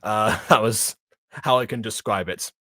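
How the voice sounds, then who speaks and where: A man's voice: fairly low pitch, unhurried, pushed and bright, no echo, clean studio sound. A man co-hosting a reaction stream, chatting casually and rambling with frequent laughs. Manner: rambling, laughing between thoughts. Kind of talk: casual chat.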